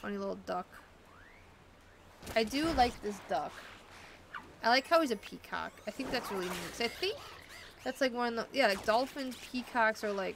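A woman's voice: a little high, lively intonation, moderate pace, creaky, long pauses, noisy background. A woman streamer chatting and rambling casually as she plays a video game. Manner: rambling, chatty, thinking aloud. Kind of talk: casual chat while playing a video game.

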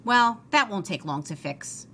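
A woman's voice: mid-range voice, animated, unhurried, sharp tone, a little hiss or hum. A woman voicing a cheerful, literal-minded housekeeper who talks in a folksy, matter-of-fact way.

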